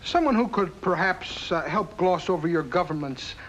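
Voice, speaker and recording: A sneering foreign diplomat. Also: male voice, high-pitched, animated, moderate pace, fairly bright tone. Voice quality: sneering, accusatory. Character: scheming, sneering male foreign diplomat, middle-aged. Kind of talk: 1950s TV drama acting. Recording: faintly noisy old TV soundtrack.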